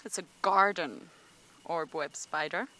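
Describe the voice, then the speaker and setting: A woman's voice: on the low side, measured pace, pushed and bright, low-quality recording. A woman safari guide describing wildlife live outdoors at night.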